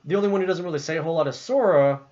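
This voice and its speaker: A man's voice: a little high, rapid-fire, darkish tone. A man giving a casual opinion monologue about a video game, rambling with frequent restarts and fillers. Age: adult. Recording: muffled lo-fi recording.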